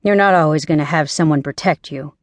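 A woman narrating an audiobook, voicing a gruff former cop man who speaks in a flat, clipped way without emotion. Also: deep voice, brisk, dry recording, lightly acted. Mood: blunt.

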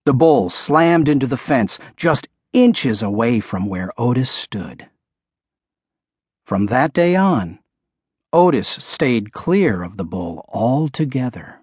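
A man narrating a children's picture book, telling it expressively and sinking his voice low for the menacing parts. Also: slow, breathy edge, no echo, clean studio sound. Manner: expressive storytelling, dropping low for the bull's menace. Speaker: audiobook narrator.

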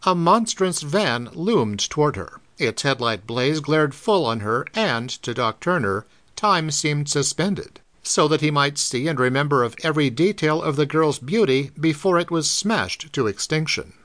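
A man narrating a pulp mystery audiobook in a dramatic, expressive reading. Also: on the high side, a little slow, few pauses. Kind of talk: scripted narration of pulp fiction.

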